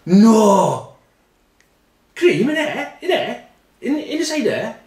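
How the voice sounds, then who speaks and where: A man's voice: high voice, sing-song, measured pace, dark tone, roomy sound, voice pushed up. A man putting on a gullible young rugby player who squeals in disbelief and repeats himself. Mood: astonished shrieking. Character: wildly excited young male rugby player, gullible and shrieking.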